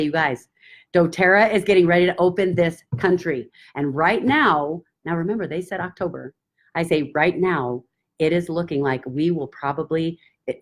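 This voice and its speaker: Low-voiced, enthusiastic woman mentor. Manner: enthusiastic, acts out excited gasps and quotes. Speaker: business mentor. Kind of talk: casual coaching talk.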